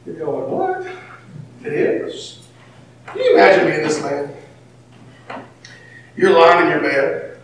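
A man preaching a sermon, swinging between loud, shouted lines and near-whispered asides. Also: a little high, slight background noise. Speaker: pastor. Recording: echoey hall from far off, faint ambience.

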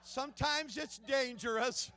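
A man with a Southern US accent preaching a sermon in a church, telling personal stories, swinging from hushed tones to loud bursts and laughing often. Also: extremely high pitch, measured pace. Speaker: guest preaching pastor. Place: church sanctuary.

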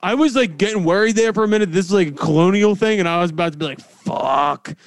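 A man's voice: high voice, very fast, no room sound. An American man hosting a casual podcast, laughing and joking crudely as he asks questions. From United States. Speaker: podcast host. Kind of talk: casual chat.

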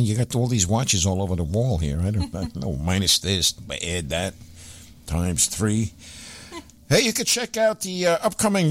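A man's voice: lowish voice, no echo. New guy hosting oldies radio, chatty, ums a lot, bouncy voice, dry mic. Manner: animated, chatty, many fillers. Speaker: radio show host. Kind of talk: casual radio chat.

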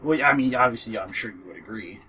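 Man, podcast co-host, casual chat, rambling, husky, very bright. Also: fairly low pitch, animated, fast. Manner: rambling, loses his train of thought. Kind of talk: casual chat about books.

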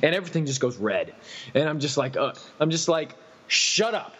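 A man's voice: a little high, fairly quick, slightly rough. A man casually retelling a story, swearing and laughing as he acts out the people in it. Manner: laughing, profane, animated retelling. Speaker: podcast storyteller. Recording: dull recording with long reverb.

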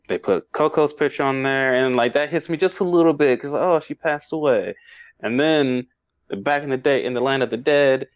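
A man's voice: medium pitch, no echo. Man, casual movie chat, rambling, laughs a lot, dull dry lo-fi sound. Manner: rambling, emotional, laughs often, many restarts. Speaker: podcast co-host.

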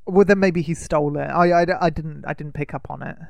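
A man co-hosting a podcast, teasing and steering the chat along. His voice has a gravelly, fry-laden edge. The recording is dry and close. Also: a little high, brisk, darkish tone, no room sound. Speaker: podcast co-host. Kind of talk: casual chat.

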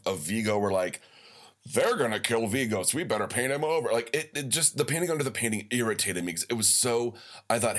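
A man hosting a podcast, ranting casually about a movie with lots of fillers, restarts and swearing, getting more and more worked up. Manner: animated, rambling, many fillers and restarts, swears; gets worked up, pitch climbing when excited. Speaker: podcast host. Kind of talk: casual solo rant.

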